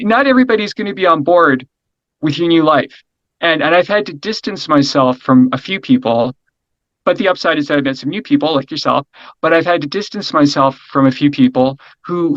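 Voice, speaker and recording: A middle-aged man being interviewed, talking energetically in a loose, rambling way and checking in with "right?" as he goes. His voice sits a little high for a man. The sound is dry and a bit dull, as if the recording has lost its brightness. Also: brisk, dry recording. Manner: energetic, rambling, repeats words, frequent "right?". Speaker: interview guest. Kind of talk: casual conversational interview.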